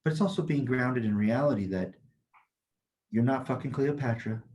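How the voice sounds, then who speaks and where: A man's voice: medium pitch, normal speed, a little mellow. A man co-hosting a casual podcast as a Taoist teacher, talking bluntly, swearing freely and telling stories with energy. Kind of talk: casual chat.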